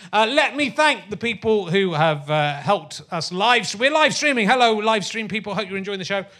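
A man's voice: high voice, animated, normal speed, bright, forceful tone. A middle-aged man hosting a comedy podcast live on a theatre stage, rambling and sardonic with crude asides and lots of fillers. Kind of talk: live stand-up style podcast chat.

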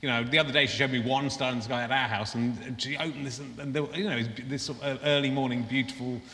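A man's voice: mid-range voice, fairly even intonation, quick pace, sharp tone. A male podcast host interviewing a guest on a festival stage, rambling with many restarts. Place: festival stage before an audience. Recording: live hall reverb.

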